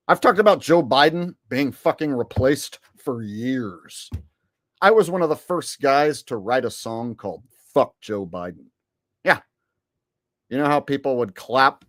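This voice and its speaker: A man's voice: mid-range voice, expressive, moderate pace, no echo, clean studio sound. A man hosting his own livestream, talking in a rambling, profane, blunt way. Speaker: channel host. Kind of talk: casual livestream talk.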